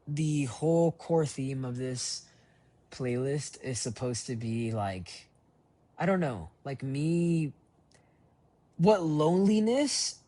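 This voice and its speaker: A man's voice: medium pitch, a little mellow, breathy edge. A young man recording a rambling, reflective voice memo diary on his phone, full of fillers and restarts. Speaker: voice diary keeper.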